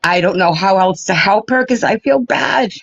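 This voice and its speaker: A woman's voice: medium pitch, moderate pace, no echo. Older lady calling in, gushy and emotional, dry muffled stream sound. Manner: emotional, effusive. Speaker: caller on a live stream. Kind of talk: casual chat. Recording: dull lo-fi stream audio.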